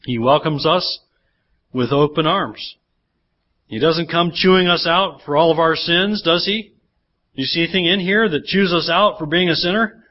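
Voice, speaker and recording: A man's voice: on the high side, normal speed. A male pastor preaching a sermon, often putting rhetorical questions to the congregation. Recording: dull lo-fi church sermon recording.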